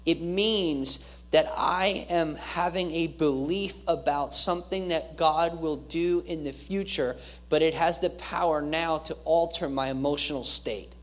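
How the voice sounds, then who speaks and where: A man's voice: a little high, unhurried. A male pastor giving an earnest sermon, repeating key phrases and restarting his words as he preaches.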